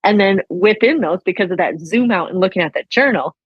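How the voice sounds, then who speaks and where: Husky-voiced woman telling a story. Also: medium pitch, animated, brisk, no echo, lo-fi sound. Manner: chatty storyteller, acts out her own thoughts. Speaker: podcast guest, entrepreneur. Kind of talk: casual interview chat.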